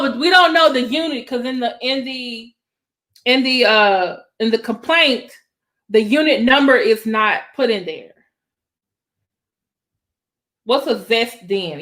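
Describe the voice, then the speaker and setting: A woman doing casual live-stream commentary, excitable and talking straight to her viewers. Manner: excitable, exclaiming to viewers, voice jumps higher when excited. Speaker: YouTube commentator.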